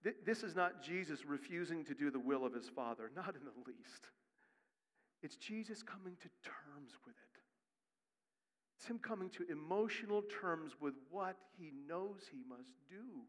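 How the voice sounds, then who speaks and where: A man preaching a sermon in a church sanctuary, his voice a touch high. He shifts between fast, hushed asides and loud, climbing emphasis. A long reverb from the hall trails after each phrase. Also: lively intonation. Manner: swings from quiet, quick asides to loud, rising emphasis. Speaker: pastor.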